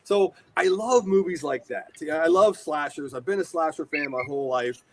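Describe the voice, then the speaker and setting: Animated American man telling stories. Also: a little high, normal speed. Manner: animated, rambling storyteller with many fillers. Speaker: guest, horror collector and shop owner. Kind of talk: casual storytelling interview.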